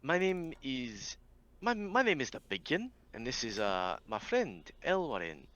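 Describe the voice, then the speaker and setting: A man's voice: mid-range voice, huge pitch swings, unhurried, a bit bright, voice pushed up. A man voicing a big, bluff male adventurer with a burr, hearty and rambling politely.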